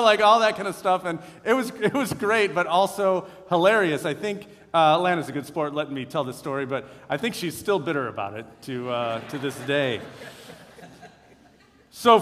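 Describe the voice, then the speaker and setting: A male pastor telling a self-deprecating personal story in a lively sermon. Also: high voice. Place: church sanctuary. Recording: long hall reverb.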